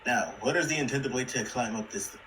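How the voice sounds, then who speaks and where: A young man playing a tabletop game, speaking in a measured, slightly formal way. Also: mid-range voice, bright, forceful tone, a little hiss or hum, poor audio. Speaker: player. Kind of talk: in-character tabletop play.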